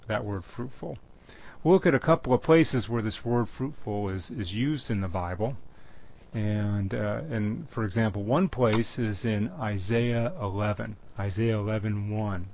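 A man with a lowish voice delivers a Bible-teaching sermon. He speaks in a measured, repetitive manner, often pausing and restarting his phrases. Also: creaky, a little mellow, a little hiss or hum. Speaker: preacher.

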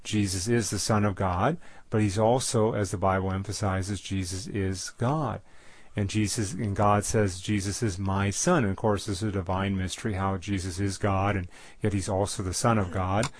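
Halting man teaching from the Bible. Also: low voice, steady tone. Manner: halting, with many fillers and restarts. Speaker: preacher.

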